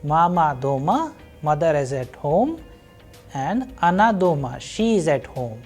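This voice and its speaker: Lady teacher going through a lecture real slow, lowish voice, faint music behind. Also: big pitch swings, darkish tone. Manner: slow, patient explaining, repeats each example. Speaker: language teacher. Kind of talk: recorded university lecture.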